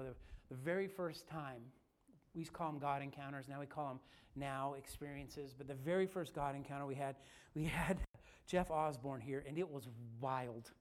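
A man preaching a sermon. He tells a story with energy and builds to loud, fervent preaching. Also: medium pitch. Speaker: pastor.

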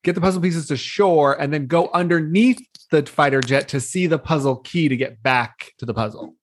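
A man's voice: fairly high pitch, normal speed, a little hiss or hum. A young adult man co-hosting a podcast, casually recapping reality TV with frequent laughs and acted-out quotes. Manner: chatty, laughs often, acts out quoted lines. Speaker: podcast co-host.

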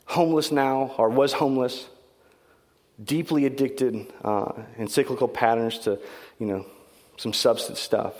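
A man preaching as pastor, telling stories in an animated, conversational and self-deprecating way. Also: a little high, big-room sound. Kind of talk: sermon storytelling.

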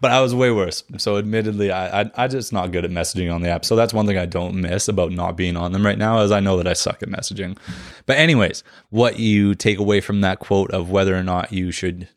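Laid-back low-voiced man chatting. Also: steady tone, quick pace, no echo, studio quality. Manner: laid-back, swears casually, laughs often. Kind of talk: casual chat.

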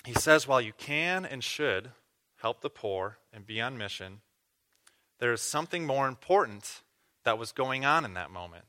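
A man's voice: medium pitch, animated, moderate pace, bright, forceful tone. A man preaching a sermon, teaching earnestly through a scripture passage with questions to the listeners. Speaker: pastor.

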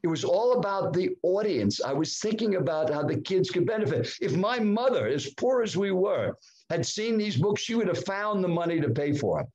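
A man in his seventies, a guest in a podcast interview, telling a personal story with dramatic swings in pitch. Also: sing-song, normal speed, a little mellow, highs cut off. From United States. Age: 70s. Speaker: guest speaker.

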